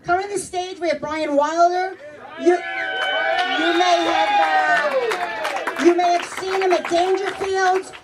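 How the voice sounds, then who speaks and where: A woman's voice: very high voice, little pitch movement, moderate pace, few pauses. A middle-aged woman doing a stand-up comedy set, brash and chatty, laughing through her punchlines. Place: comedy club stage with audience. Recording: distant club recording with crowd laughter.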